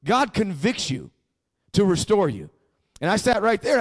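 Male pastor with a high voice, emphatic sermon delivery, call-and-response. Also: very animated, measured pace.

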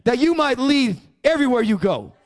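A man's voice: very high voice, big pitch swings, moderate pace. A man preaching a sermon emphatically as a pastor, often calling on the congregation to repeat phrases back. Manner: emphatic preaching with call-and-response prompts.

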